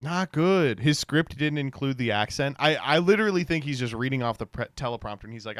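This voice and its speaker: A man's voice: mid-range voice, animated, a little fast, hardly any pauses, a bit bright, dry recording. A man streaming casual reaction commentary, rambling and swearing freely, with frequent laughs. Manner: rambling, profane, laughs often.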